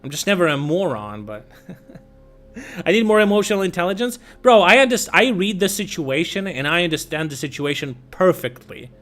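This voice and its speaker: A young man chats casually with his viewers, ranting in an exasperated, profane way. His voice sits a touch higher than most men's. Quiet music plays faintly in the background. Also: sing-song, normal speed. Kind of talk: casual chat.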